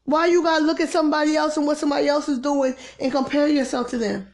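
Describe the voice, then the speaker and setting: Woman preacher, slightly high voice, informal impassioned sermon, soft near-whispered asides. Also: steady tone, fast. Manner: preachy, rising to exasperated emphasis, drops to soft near-whispers.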